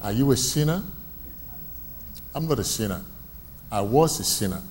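A man's voice: mid-range voice, animated, normal speed, darkish tone, a little hiss or hum. Man preaching with a hall echo. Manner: call-and-response questions, repeating key phrases. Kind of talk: sermon. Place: church hall. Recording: long reverb from a hall, faint ambience.

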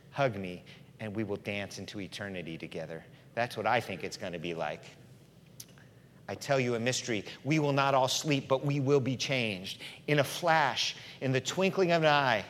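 Dramatic preacher in a reverberant hall. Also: male voice, medium pitch. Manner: dramatic, swings from loud to hushed. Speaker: pastor. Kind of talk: sermon. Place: church.

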